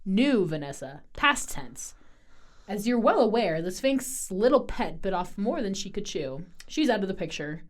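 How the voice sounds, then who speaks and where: A woman reading aloud from a book and voicing a vain, scheming young woman who talks in a mocking, snippy voice pitched above her own. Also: very animated, measured pace.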